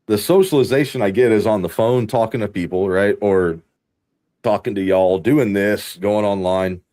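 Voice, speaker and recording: A man's voice: on the low side, moderate pace. Laughing storyteller man from Texas. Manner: animated, laughing storyteller who swears freely. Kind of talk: casual storytelling chat.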